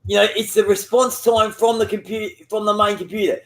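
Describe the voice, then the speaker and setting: High-voiced man, foul-mouthed. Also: little pitch movement, brisk, a bit bright. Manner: profane, rambling, teasing. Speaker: gamer chatting with a friend. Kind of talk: casual banter over voice chat.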